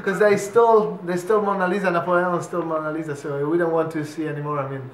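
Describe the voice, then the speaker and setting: Laid-back young Italian man with halting English. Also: a little high, flat delivery, a crowd in the background. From Italy, Florence. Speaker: band member, guest. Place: music club, indoors. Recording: roomy club with faint background hum.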